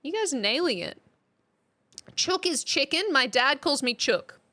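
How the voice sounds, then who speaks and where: A woman's voice: sits high, very animated, a little slow, pushed and bright. An Australian woman chatting casually on a live stream, quizzing her chat like a teacher. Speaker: substitute streamer.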